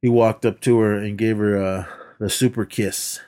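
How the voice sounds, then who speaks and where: A man's voice: fairly low pitch, steady tone, normal speed, dark tone. A man co-hosting a podcast, casually recapping a film, laughing often and acting out quotes as he rambles. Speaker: podcast co-host. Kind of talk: casual movie recap chat.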